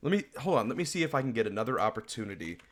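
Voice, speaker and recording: A man co-hosting a casual podcast, ranting in an exasperated, animated way and laughing at himself. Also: mid-range voice, rapid-fire. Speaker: podcast co-host.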